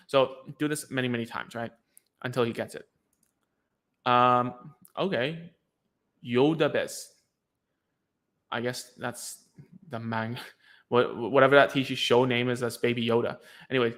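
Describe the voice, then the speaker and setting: A man talks parents through their child's speech habits in a relaxed, informal advice video. He rambles a little, restarts his sentences and drops in casual slang. His voice sits at an everyday middle pitch. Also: unhurried, pauses often. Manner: loose and chatty, lots of fillers and restarts, says "dude". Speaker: speech therapy coach answering parents' questions.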